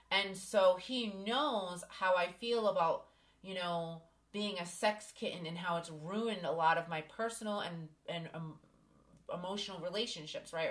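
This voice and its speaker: A woman's voice: fairly low pitch, fairly bright tone. A woman hosting a podcast, candidly telling a personal story with emphasis. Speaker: podcast host. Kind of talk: casual podcast conversation.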